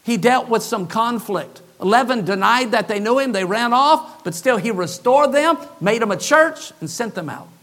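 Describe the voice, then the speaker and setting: A male pastor preaching, telling a story and acting out the dialogue in lively, shifting voices. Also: very high voice, normal speed, few pauses. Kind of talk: sermon storytelling. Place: church.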